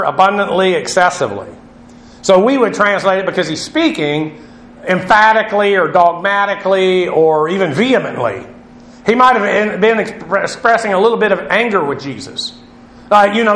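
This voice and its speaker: A man's voice: high voice, animated, normal speed, fairly bright tone, roomy sound. A man teaching a Bible lesson on Greek word meanings, spelling words out letter by letter with frequent fillers.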